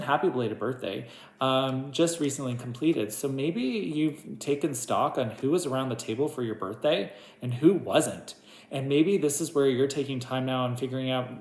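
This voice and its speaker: A woman's voice: rumbling low, darkish tone. A woman doing a casual tarot reading, chatty and giggly, talking to her cards. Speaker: tarot reader. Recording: echoey room with faint noise.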